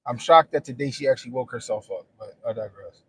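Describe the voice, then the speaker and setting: Husky-voiced man ranting casually. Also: medium pitch, fast, fairly bright tone, no echo. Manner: blunt, profane storytelling, laughing often. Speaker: streamer and commentator. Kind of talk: casual profane livestream chat.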